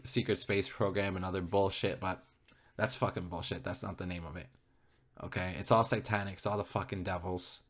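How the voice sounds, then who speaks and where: Deep-voiced man, insistent and repetitive. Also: a bit bright. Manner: repetitive, keeps checking in with "okay?"; emphatic, heavy swearing. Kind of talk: personal account to an interviewer.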